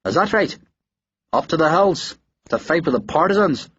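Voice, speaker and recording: A man voicing a big, stubborn soldier with an Ulster accent who talks slowly and carefully. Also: on the high side, big pitch swings, a bit bright, muffled recording, voice pushed up, exaggerated voice. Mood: probing. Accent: Northern Irish. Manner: slow, careful, gruff. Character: big tough Irish soldier, stubborn, blunt.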